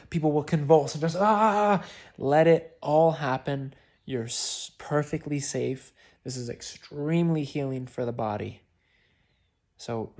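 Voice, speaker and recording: A man's voice: medium pitch, dark tone. A man talking a private client through breathwork, in an informal, encouraging way. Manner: encouraging, informal, with frequent sighs and demonstrated laughs. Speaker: breathwork coach. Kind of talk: spoken breathwork instructions.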